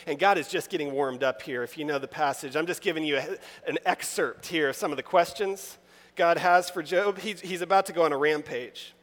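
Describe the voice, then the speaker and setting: A man preaching a sermon, reading scripture aloud with rising emphasis and speaking in an animated, conversational way. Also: a little high, fairly quick. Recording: long reverb of a large hall.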